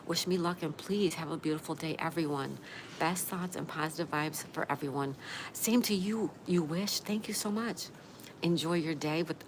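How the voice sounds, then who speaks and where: A woman from Florida hosts a livestream in a low-pitched voice, chatting and reading viewers' live chat messages aloud. The background is noisy, with the sound of rain.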